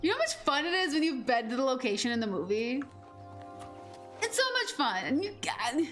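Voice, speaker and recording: A woman in her twenties chats casually while she plays, rambling through stories with plenty of fillers and casual swearing. Her voice sits high. Faint game music runs under her talk. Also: a little fast. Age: 20s. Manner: rambling and animated, heavy on fillers, swears freely. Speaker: game streamer. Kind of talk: casual gameplay chat.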